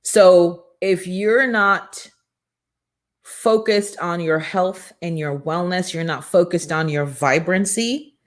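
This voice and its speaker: A woman hosting a motivational morning show, talking in an energetic, preachy and emphatic way from a studio. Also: on the low side, takes it slowly. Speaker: show host and business coach.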